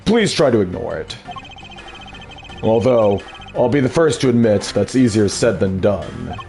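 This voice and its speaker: A man playing a calm, courteous male defense attorney who speaks in a polite, measured, formal way. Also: fairly low pitch, vocal fry, soft background music, full character voice. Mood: composed.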